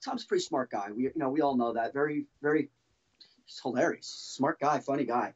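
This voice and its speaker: A man telling his own story as a podcast guest, halting and restarting often as he talks. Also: mid-range voice, muffled recording. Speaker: guest, former band drummer. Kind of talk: casual podcast interview storytelling.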